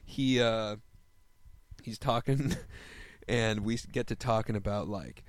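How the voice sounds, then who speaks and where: A man chatting casually and telling an animated story, laughing often. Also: lowish voice, slow pace, no room sound. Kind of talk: casual chat.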